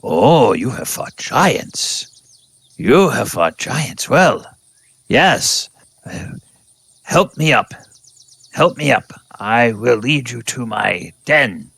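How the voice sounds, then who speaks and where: A man's voice: medium pitch, sing-song, slow, creaky, fairly bright tone, husky, no room sound, pitched above the performer's own voice, full character voice. A man voicing a proud old male tabaxi hunter with lofty, formal speech. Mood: eager.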